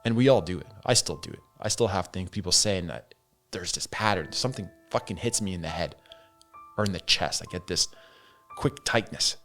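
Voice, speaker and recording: A man's voice: deep voice, lively intonation, normal speed, a bit bright, soft background music. A man hosting a casual solo podcast and talking candidly, swearing freely and saying "man" and "dude" as he goes. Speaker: podcast host.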